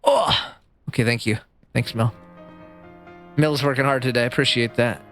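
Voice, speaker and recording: A man's voice: medium pitch, steady tone, moderate pace, a bit bright, faint music behind. A male livestreamer chatting casually with viewers while gaming, goofy and self-deprecating, on a close microphone. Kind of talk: casual live-stream chat while gaming.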